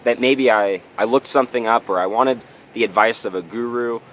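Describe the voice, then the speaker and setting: A man's voice: mid-range voice, a little fast, a little hiss or hum. A man giving a motivational vlog talk, telling a story and often checking in with tag questions. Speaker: vlogger.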